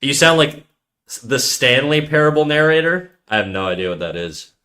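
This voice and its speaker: Fast-rambling man with a bassy, nasal voice. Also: sing-song, pushed and bright. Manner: fast rambling talk with frequent stutters and restarts; swearing, slangy, calls listeners dude. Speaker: live streamer. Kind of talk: casual chat reading viewer comments.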